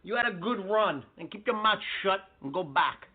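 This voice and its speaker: A man's voice: sits high, animated. A man doing brash New cousin Vito. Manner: swaggering, profane, fast-talking. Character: brash Bronx-style male wall-building cousin. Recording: tinny phone-like audio, husky.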